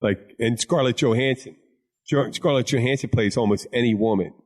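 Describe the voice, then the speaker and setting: Profane, animated Philadelphia man. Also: mid-range voice, moderate pace. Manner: swears freely, animated storytelling. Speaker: podcast host. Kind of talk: casual chat.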